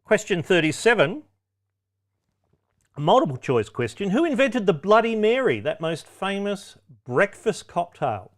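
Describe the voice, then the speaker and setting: A man's voice: high voice, very animated, measured pace. A man hosting a pub quiz, reading out questions with wry, cheeky asides and chatty self-corrections. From Australia. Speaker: quiz host.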